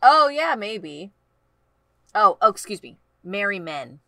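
A woman co-hosting a casual brainstorming chat, playful and quick to joke. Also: mid-range voice, sing-song, sharp tone, no echo.

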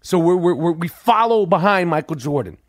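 A man hosting a podcast, telling a profane story in an animated way and acting out quotes. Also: a little high, moderate pace, no echo, studio quality. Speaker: podcast host.

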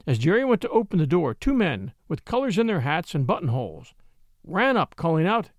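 Male narrator, high and animated delivery, dry close recording. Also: brisk, dry recording. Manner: lively, expressive storytelling. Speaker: audiobook narrator. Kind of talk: scripted narration.

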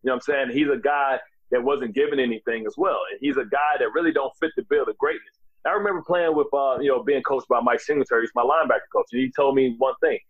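A man in his forties from the USA, a podcast guest telling profane, animated stories and repeating filler phrases. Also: mid-range voice, fast talker, husky, no room sound, narrow, tinny audio. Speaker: guest, former athlete. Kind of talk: animated storytelling.

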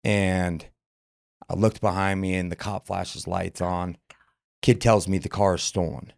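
A man's voice: low voice, fairly even intonation, a little slow, vocal fry, dry recording, studio quality. A man from Utah, a podcast guest, telling his story frankly with lots of filler words. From Utah, USA. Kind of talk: candid personal storytelling.

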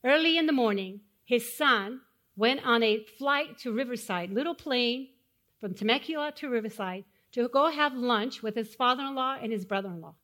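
A woman pastor giving a sermon, asking the congregation questions and dropping to hushed, solemn tones when telling stories of loss. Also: fairly high pitch, animated, moderate pace. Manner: dynamic, swings from loud rhetorical questions to hushed solemn tones.

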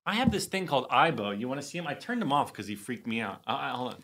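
A man co-hosting a podcast in casual chat, animated and joking, swearing freely. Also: medium pitch, fast talker. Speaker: podcast co-host.

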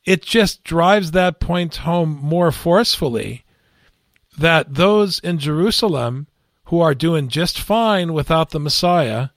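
A man, a priest, teaching scripture in a Bible study discussion, deliberate and emphatic. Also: a little high, expressive, dry recording, studio quality.

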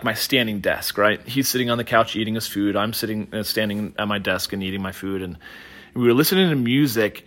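Chatty man telling a story, laughing. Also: on the low side. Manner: animated, laughing often, many fillers. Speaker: podcast host. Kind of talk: casual storytelling.

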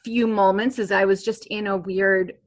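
A woman's voice: medium pitch, steady tone, normal speed. A woman guest telling a personal story in conversation, rambling with many fillers and restarts and nervous laughs. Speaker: interview guest.

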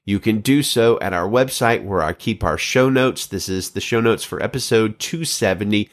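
A man with a somewhat low voice reads scripture on his podcast. His delivery is measured and earnest, and he stumbles over a word now and then. He keeps a steady, unhurried pace through long passages. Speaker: podcast host. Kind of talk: scripture and letter reading.

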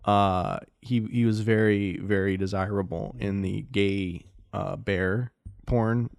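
A man on a podcast sharing stories in casual banter, halting now and then. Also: on the low side, fairly even intonation, vocal fry, a little mellow, no room sound, studio quality. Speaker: podcast co-host.

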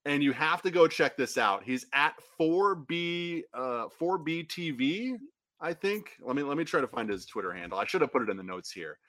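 A man co-hosting a soccer podcast, rambling in a casual chat with frequent restarts and quick laughs. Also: a little high, expressive, fairly bright tone, no echo. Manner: rambling, restarts often, laughs between phrases. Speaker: podcast co-host.

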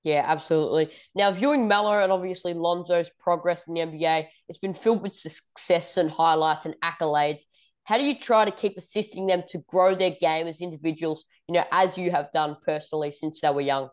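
A woman with an Australian accent hosts a podcast, putting polite, prompting questions to her guest. Her voice sits low for a woman. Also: brisk. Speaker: podcast host. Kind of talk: interview questions.

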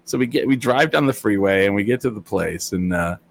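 A man's voice: fairly low pitch, animated, fairly quick, creaky. A man telling a rambling, laughing story in casual chat, swearing freely.

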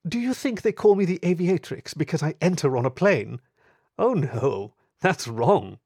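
A man voicing a sly, aristocratic female husky thief with a smooth, teasing voice. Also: on the high side, lively intonation, a little mellow, no echo, clean studio sound, voice pushed up. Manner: teasing, unhurried.

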